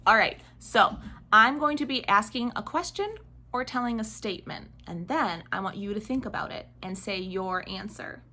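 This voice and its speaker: A woman's voice: mid-range voice, animated, pushed and bright, slight background noise. Kindergarten teacher woman with a mid-range voice, patient and encouraging, for a video lesson. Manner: slow, clear and encouraging, acting out children's voices. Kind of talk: video lesson for young children.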